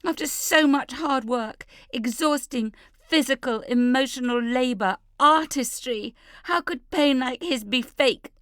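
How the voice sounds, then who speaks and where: A shrill, outraged young woman, as a female narrator puts her on, yelling in bursts and swinging wildly up and down in pitch. Her storybook voice is close and dry. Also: big pitch swings, normal speed, hardly any pauses, no echo. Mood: furious yelling. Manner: yelling, indignant.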